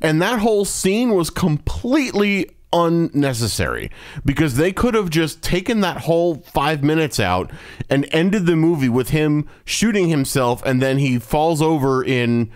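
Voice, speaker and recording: A man's voice: fairly high pitch, lively intonation, a little slow. A man co-hosting a casual movie podcast, ranting bluntly and swearing freely. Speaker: podcast co-host. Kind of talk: casual movie review chat.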